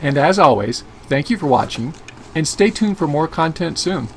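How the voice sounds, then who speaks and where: A man's voice: on the high side, lively intonation, moderate pace, a little hiss or hum. A man narrating a scripted video essay as host of his channel.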